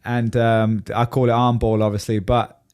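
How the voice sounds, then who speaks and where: A man's voice: mid-range voice, flat delivery, normal speed, a little mellow, smooth. A man co-hosting a podcast in casual chat, talking at length and laughing easily. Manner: chatty and rambling, laughs easily. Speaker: podcast co-host.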